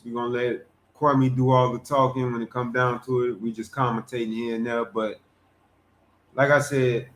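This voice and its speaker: Laid-back man commenting, echoey room. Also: medium pitch. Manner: laid-back, repeats himself. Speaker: commentary channel host. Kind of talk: casual commentary.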